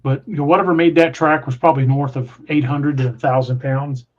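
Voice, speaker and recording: A man's voice: medium pitch, steady tone, a little fast. A man hosting a podcast in casual chat, telling a story in a rambling way with frequent restarts. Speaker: podcast host. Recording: muffled lo-fi audio.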